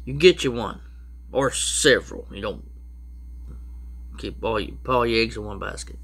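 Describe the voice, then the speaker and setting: A man's voice: fairly low pitch, moderate pace, vocal fry, a bit bright. A man giving rambling, casual how-to advice as a prepper vlogger, with frequent restarts and asides.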